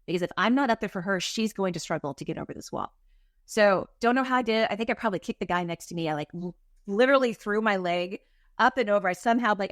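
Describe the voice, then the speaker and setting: A woman's voice: mid-range voice, no echo, clean studio sound. A middle-aged woman, a guest author, telling a personal story in an interview, acting out her own thoughts and laughing at herself.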